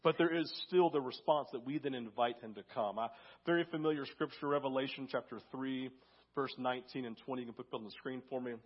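A man's voice: mid-range voice, fast talker, breathy edge, highs cut off. A man preaching a conversational sermon, telling a story and acting out quotes, a little sick that day. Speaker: pastor.

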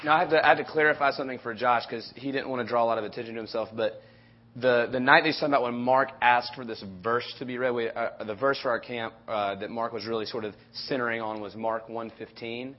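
A man, a youth leader, telling a camp story in a casual, animated way and acting out the quotes. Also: mid-range voice. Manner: animated, quick retelling with acted-out quotes. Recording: dull lo-fi audio.

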